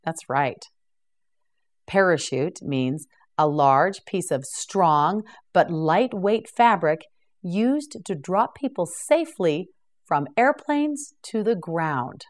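A woman's voice: lowish voice, animated, takes it slowly. A woman teaching English vocabulary, saying each word several times and patiently prompting the learner to repeat it. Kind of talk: slow, clear pronunciation drill.

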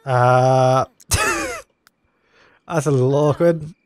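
A man's voice: medium pitch, steady tone, extremely slow, darkish tone, smooth. A young man casually commenting on a life-sim game while he plays, chatty and easily exasperated, laughing at its mishaps. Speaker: let's play gamer.

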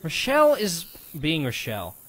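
A man's voice: fairly high pitch, huge pitch swings, moderate pace, fairly bright tone. A man hosting a gameplay video, chatting casually and cracking goofy jokes as he plays. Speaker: gaming channel host.

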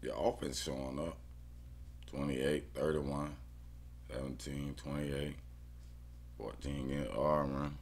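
A man's voice: a bass voice, steady tone, slow pace, pauses often, darkish tone. A man thinking aloud about his football bets in casual slang, often muttering to himself. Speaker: sports bettor.

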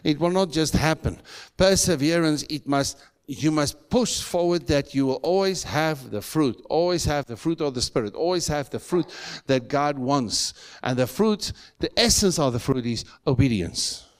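A man preaching a sermon in a church, punching words with sudden rises in pitch and volume and firing rhetorical questions at his congregation. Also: animated, normal speed. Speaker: pastor. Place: church sanctuary.

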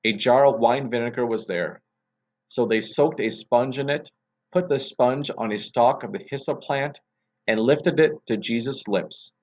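Slow, measured pastor reading scripture. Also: male voice, mid-range voice, a little mellow.

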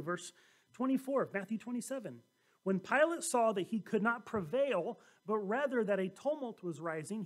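High-voiced pastor preaching with animated storytelling. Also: male voice. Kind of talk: sermon.

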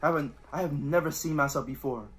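A man's voice: fairly high pitch, fast, fairly bright tone. A young man giving joking, swearing horror game commentary, reading the game text aloud. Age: young adult. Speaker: gaming YouTuber.

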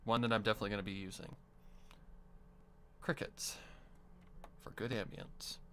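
A man's voice: lowish voice, steady tone, moderate pace, sharp tone, a little hiss or hum. A man on a live stream, casually muttering to himself as he edits audio. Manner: muttering to himself while working.

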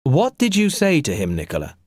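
A man's voice: fairly high pitch, wildly swooping pitch, brisk, a little mellow, dry recording, studio quality, voice pushed up. A man voicing a blunt, stern middle-aged father in an audiobook story.

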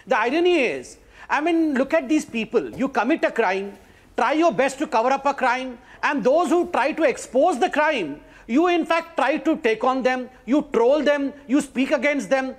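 A man's voice: very high-pitched, animated, normal speed. A man arguing emphatically as a panelist in a TV debate. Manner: emphatic, mixes in Hindi rhetoric. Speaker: political panelist. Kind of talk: TV debate argument.

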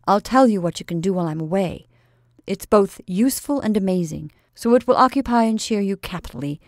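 A woman's voice: mid-range voice, animated, a little fast, a little mellow, no room sound, natural voice. A proud young soldier teases his sweetheart with playful bravado, as a woman reads him aloud. His talk is boastful and earnest at once, in a storybook reading with a dry, close sound. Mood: proud, teasing. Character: young male soldier lover, proud and teasing.

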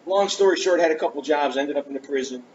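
A man with a voice a little above average pitch delivers a storytelling sermon in church. He speaks earnestly and with animation, slipping into the voices of people he quotes. The sound is muffled and lo-fi, with a light hiss behind it. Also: quick pace. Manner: earnest, animated, acts out conversations. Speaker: preacher giving his testimony. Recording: dull lo-fi church recording with faint hiss.

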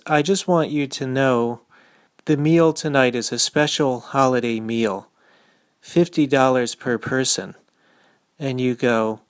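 A man who teaches English explaining intonation in a calm, measured way and acting out short dialogues. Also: medium pitch, clear, resonant tone, dry recording, studio quality.

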